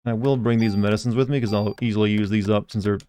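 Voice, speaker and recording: A man's voice: fairly low pitch, steady tone, quick pace, dark tone, a little hiss or hum. A young man casually commenting while he plays a game on a live stream, rambling and reading chat messages aloud.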